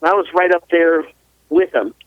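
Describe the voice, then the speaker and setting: Brief: high-voiced laughing racer, rambling stories, tinny dry phone line. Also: male voice, normal speed, no room sound. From US West Coast. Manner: laughs often, rambling, animated. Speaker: guest, ATV racer. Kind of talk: casual storytelling interview.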